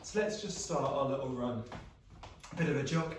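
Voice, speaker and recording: A man's voice: medium pitch, moderate pace, recorded from a distance, slight background noise. Playful man leading kids, echoey room. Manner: playful and animated, with sound effects and coaxing prompts. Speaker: music practitioner leading children's singing session. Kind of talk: live online action-story warm-up for children. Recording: very echoey room, voice set back from the mic.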